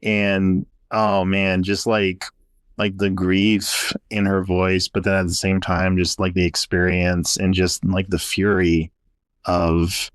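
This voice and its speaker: A podcast guest reflecting earnestly on a heart-wrenching scene in casual chat. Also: male voice, low voice, level tone, unhurried, no room sound, studio quality.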